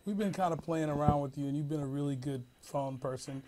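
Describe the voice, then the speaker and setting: A man's voice: a little high, a little fast, warm tone, a little hiss or hum. A man hosting a live call-in comedy show, talking in a playful, teasing, upbeat way. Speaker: host.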